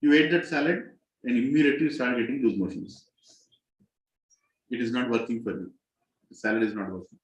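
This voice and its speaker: A man with an Indian English accent telling a dramatic story to a group as a spiritual teacher, his voice climbing high and loud at the tense moments. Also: a little fast, pauses often, reverberant, poor audio. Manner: dramatic, rises sharply in pitch and volume at tense moments.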